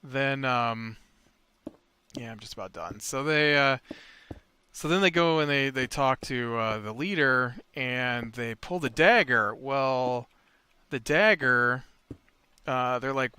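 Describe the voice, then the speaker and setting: A man's voice: medium pitch, slow pace, sharp tone, clear, resonant tone, dry recording. A man hosting a casual Minecraft let's play, rambling through a retold tabletop session with many fillers and restarts. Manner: retells a tabletop session while building. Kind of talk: casual game commentary and storytelling.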